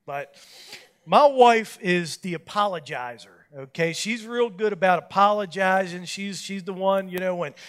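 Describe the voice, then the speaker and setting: A man preaching at a Bible study, telling a story from his own marriage in a folksy, self-mocking way and getting animated as he acts out the scenes. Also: high-pitched. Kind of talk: storytelling sermon.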